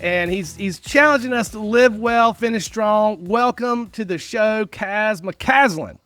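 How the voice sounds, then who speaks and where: A man's voice: sits high, measured pace, a bit bright, no room sound, faint music behind. A man hosting a podcast interview from his studio, upbeat and playfully teasing his guest. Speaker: podcast host. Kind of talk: casual interview chat. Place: home studio.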